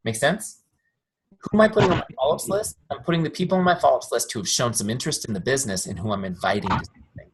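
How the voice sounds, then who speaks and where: Over slight background noise, a man with a medium-pitched voice talks in a rapid-fire way as he teaches a casual live training by video call. He's a software founder who chats, tells stories, and often checks understanding with "make sense?"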